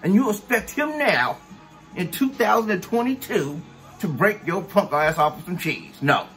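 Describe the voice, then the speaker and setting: A man's voice: high voice, animated, normal speed, a bit bright, faint music behind. A man vlogging a profane, blunt rant, scornful and heavy on cursing.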